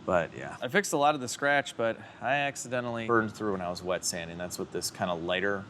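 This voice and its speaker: A man's voice: lowish voice, fairly quick, a bit bright, a little hiss or hum. A man talking casually while he works on a car in his garage, chatty and joking with himself, a little congested. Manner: chatty and self-joking, rambles on tangents. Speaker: car restoration vlogger. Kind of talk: casual talk-through while working on a car. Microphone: handheld camera while working.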